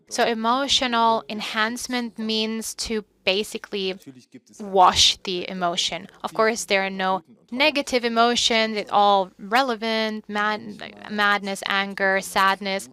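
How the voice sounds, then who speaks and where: Bright-voiced woman interpreting a talk. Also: on the high side, slow. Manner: animated, acting out soothing words to a child. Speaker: conference interpreter. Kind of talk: live interpretation of a conference talk.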